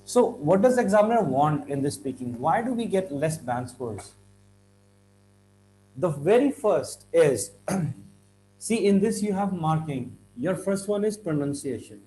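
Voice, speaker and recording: A higher-voiced man from India explains speaking-test tips, drawing out key words slowly and asking "right?" after each point. He clears his throat often. A faint hum sits under the recording. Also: big pitch swings, warm tone, poor audio. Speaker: IELTS teacher. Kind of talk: classroom-style explanation.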